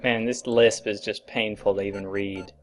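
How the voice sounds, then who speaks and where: A man co-hosting a let's play, playing the game and dropping dry, deadpan quips. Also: lowish voice, moderate pace, faint music behind. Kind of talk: casual gameplay commentary.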